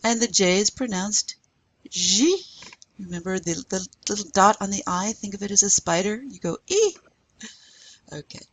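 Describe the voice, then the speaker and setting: A woman's voice: medium pitch, steady tone, fairly quick, hardly any pauses, dry recording. A woman teaching a recorded French lesson, spelling words letter by letter and drilling pronunciation patiently. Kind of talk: recorded online lecture.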